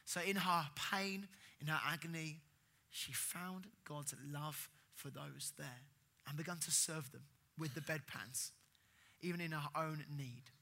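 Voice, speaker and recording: A man preaching a sermon earnestly, rising in emphasis and then dropping soft. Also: fairly high pitch, unhurried, vocal fry.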